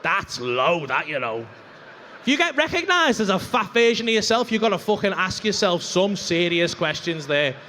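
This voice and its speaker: A brash comedian talks at a fairly high pitch, swearing freely and animated. He works a comedy club stage through a handheld mic. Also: moderate pace, long reverb tail, slight background noise. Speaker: stand-up comedian. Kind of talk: stand-up comedy.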